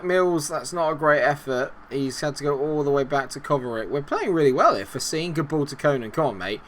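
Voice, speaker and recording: Excitable man commentating a football game. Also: fairly high pitch, fairly quick, few pauses. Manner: chatty, excitable, talks to viewers. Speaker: gaming video host. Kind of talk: football management gameplay commentary.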